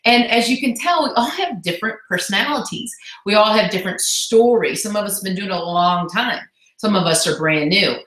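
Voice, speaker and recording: A woman coach talking on a casual motivational live call, heartfelt and chatty with quick asides. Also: medium pitch, animated, a bit bright, reverberant, low-quality recording. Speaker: fitness business coach.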